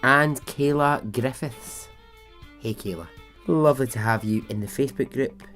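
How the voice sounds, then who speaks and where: A man's voice: mid-range voice, moderate pace, fairly bright tone, faint music behind. A man hosting a storytelling podcast, chatting casually and laughing easily between asides. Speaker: podcast host.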